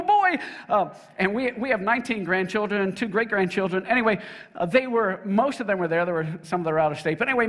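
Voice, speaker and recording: Older man preaching with a high voice. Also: big-room sound. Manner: emphatic, leads call-and-response. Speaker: pastor. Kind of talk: sermon. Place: church sanctuary.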